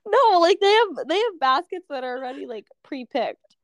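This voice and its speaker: A young woman with a high voice chats freely as a podcast co-host, stringing thoughts together with "like." The recording is dry and close to the mic. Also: very animated, normal speed, dry recording. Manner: chatty, lots of "like" fillers. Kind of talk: casual chat.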